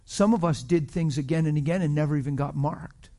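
A man preaching a sermon as pastor, passionate, swinging from hushed storytelling to loud exclamations. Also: on the high side, a little fast.

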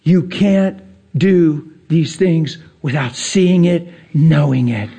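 A man preaching a sermon in a high, husky voice. He drops to a hushed whisper, then climbs to excited, almost shouted lines. He acts out the people in his stories as he goes. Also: slow.

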